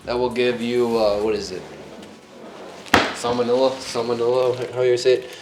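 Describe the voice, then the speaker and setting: A man's voice: mid-range voice, level tone, moderate pace, heavy background noise. Joking young man cooking in an echoey kitchen. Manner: chatty and joking, yelps from onion tears. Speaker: home cook. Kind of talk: casual cooking vlog. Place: home kitchen. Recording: echoey room, faint music.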